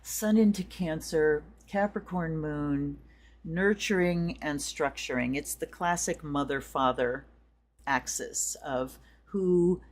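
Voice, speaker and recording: A woman hosting a tarot and astrology livestream, chatting in a rambling way with viewers and then leading a slow blessing. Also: deep voice. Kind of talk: casual livestream chat and ritual blessing.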